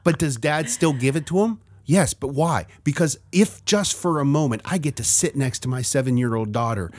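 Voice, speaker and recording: A man's voice: medium pitch, animated, moderate pace, darkish tone, no room sound. A middle-aged man in a casual faith conversation, speaking earnestly and reflectively, often telling stories.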